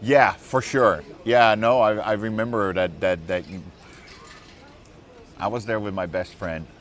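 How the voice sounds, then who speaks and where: A man streaming outdoors on a city walk, chatting casually with a guest and telling stories in an animated way, full of repeated words and laughter. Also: on the low side, measured pace. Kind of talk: casual chat.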